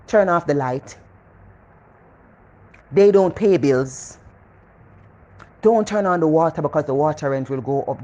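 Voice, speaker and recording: A middle-aged woman with a Jamaican accent giving a casual motivational talk, animated and preachy, repeating phrases for emphasis. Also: lowish voice. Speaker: motivational vlogger.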